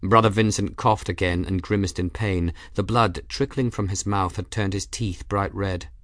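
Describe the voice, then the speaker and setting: Low-voiced man narrating an audiobook. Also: fairly even intonation, normal speed, fairly bright tone, no room sound, studio quality. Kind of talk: scripted narration.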